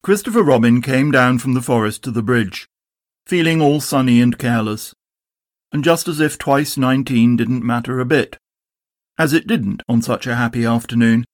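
A man narrating a children's storybook in a gentle, measured way. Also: medium pitch, no echo, clean studio sound. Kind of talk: storybook reading.

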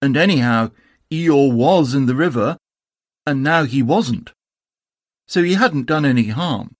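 A man narrating a children's storybook in a gentle, measured way. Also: mid-range voice, animated, no room sound, clean studio sound. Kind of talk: storybook reading.

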